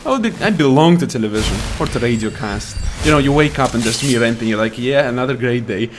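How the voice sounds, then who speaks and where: A man's voice: medium pitch, animated, quick pace, background noise. Sarcastic man ranting over gameplay. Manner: ranting, sarcastic, taunts enemies. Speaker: gaming YouTuber. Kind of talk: gameplay commentary with rants.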